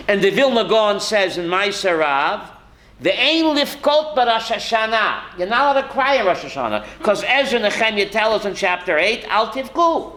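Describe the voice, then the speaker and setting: A man's voice: high voice, sharp tone, low-quality recording. A man, a rabbi, teaching a Torah class to students, calling on them by name and quoting Hebrew sources.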